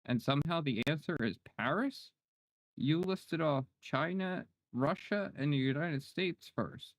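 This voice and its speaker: A man's voice: on the high side, unhurried, no room sound, low-quality recording. A man streaming and chatting casually, teasing and bossing around an AI assistant and complaining when it falls short. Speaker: game streamer. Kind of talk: casual livestream chat.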